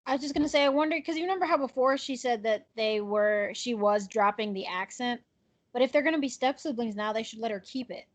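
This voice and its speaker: A woman in a casual group chat, relaxed and questioning. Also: fairly high pitch, fast talker, dry recording.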